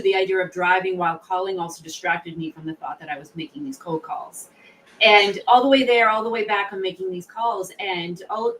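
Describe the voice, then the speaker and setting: A middle-aged woman, a guest on an interview podcast, telling stories in a lively, animated way and acting out what people said. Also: mid-range voice, recorded from a distance, a little hiss or hum, rough recording. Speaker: guest, sales author and founder.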